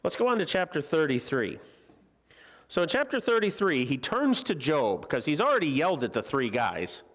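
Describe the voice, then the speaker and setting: A man's voice: a little high, very animated, moderate pace, a bit bright. A male preacher teaching a Bible lesson in a church in a chatty, joking way, often putting questions to the congregation. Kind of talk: conversational sermon. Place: church sanctuary.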